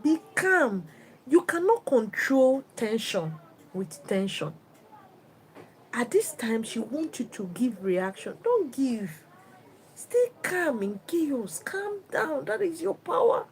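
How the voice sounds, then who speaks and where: Woman host, slightly high voice, firm and repetitive advice talk on a livestream. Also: big pitch swings, takes it slowly, rough recording. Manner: emphatic, repetitive, instructive.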